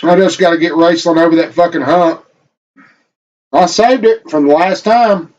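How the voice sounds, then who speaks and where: A man with a slightly high voice talks his way through setting up a live game stream. He rambles, swears freely and mutters to himself as he hunts for files and waits on loading. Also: moderate pace, a little mellow, dull audio. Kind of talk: casual live-stream chat.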